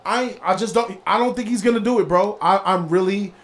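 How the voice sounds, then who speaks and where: A man with a fairly high voice hosts a heated, casual pop-culture debate. He talks bluntly and combatively, full of slang, daring anyone to disagree. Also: brisk, a bit bright. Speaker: show host.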